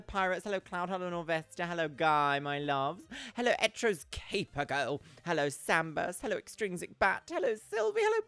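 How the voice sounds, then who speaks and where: Female game streamer, casual, affectionate with chat, animated delivery. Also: fairly low pitch, no echo. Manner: chatty and affectionate, greets viewers by name, calls them "my love". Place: at home.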